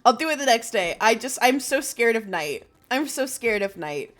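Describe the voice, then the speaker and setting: A woman's voice: fairly high pitch, sing-song, normal speed. A woman streamer chatting casually while playing a game, nervous and self-deprecating, swearing and restarting her sentences. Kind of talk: casual let's-play chatter.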